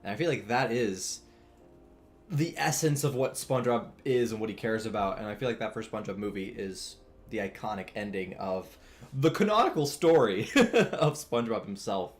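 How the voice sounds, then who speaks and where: A young man streaming as he draws, chatting in a relaxed way, answering chat and laughing often. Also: fairly low pitch, normal speed. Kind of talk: casual chat while drawing on stream.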